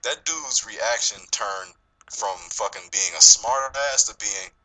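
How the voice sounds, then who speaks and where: A man's voice: lowish voice, measured pace, bright, forceful tone, poor audio. A man casually retelling a movie scene, rambling, swearing often and laughing a lot. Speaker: movie discussion co-host. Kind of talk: casual profane chat.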